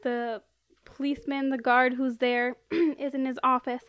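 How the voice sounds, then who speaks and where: A woman's voice: sits high, flat delivery, unhurried, smooth, dull audio. A woman co-hosting a podcast, chatting casually about a film with lots of "like" and frequent laughter. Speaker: podcast co-host. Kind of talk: casual chat recapping a film.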